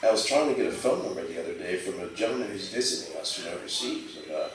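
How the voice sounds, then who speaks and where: A man's voice: low voice, expressive, quick pace, slight background noise. A man doing a rambling, self-deprecating open-mic stand-up set, slipping into quoted voices. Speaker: stand-up comic. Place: small bar stage. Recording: roomy bar audio from a distant mic.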